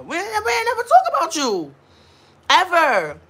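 A woman's voice: high voice, wildly swooping pitch, normal speed, fairly bright tone. A woman hosting a mukbang livestream, ranting casually with blunt, profane talk and frequent laughs while hungover.

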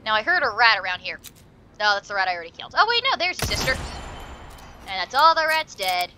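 A young woman giving excitable let's play commentary, swearing and shrieking at the game. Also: medium pitch, quick pace, background noise. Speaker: gaming video creator.

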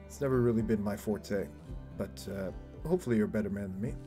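With music playing in the background, a young man talks fast in a fairly low voice while playing a game live. He keeps up crude, jokey banter with his viewers.

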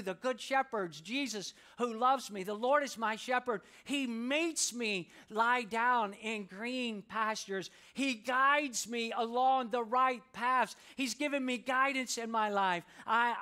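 High bright-voiced man preaching. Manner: preaching with congregation call-and-response, slows to read scripture. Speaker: pastor. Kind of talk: sermon. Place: church sanctuary.

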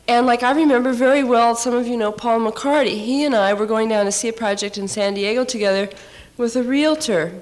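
A woman architect on a discussion panel, telling stories from her work in a lively, halting way with frequent laughs and restarts, recorded from some distance in an old panel recording. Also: a little high.

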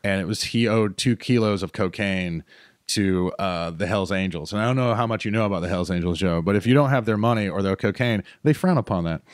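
Low-voiced man telling a rambling story. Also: fairly quick, no echo, clean studio sound. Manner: rambling, full of "uh" and self-corrections. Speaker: comedian guest on a podcast. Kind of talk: casual storytelling.

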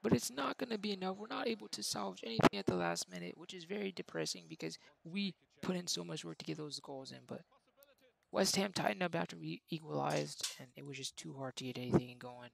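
A young man doing excitable mock play-by-play commentary over his football video game, then chatting about his match. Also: fairly high pitch, fast talker, vocal fry, slight background noise, low-quality recording. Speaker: gaming YouTuber. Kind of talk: gameplay commentary.

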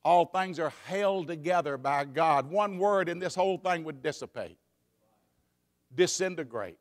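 A man preaching a sermon in a church, swinging between fervent shouts and hushed asides. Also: on the high side, expressive, measured pace. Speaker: pastor. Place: church sanctuary. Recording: long hall reverb.

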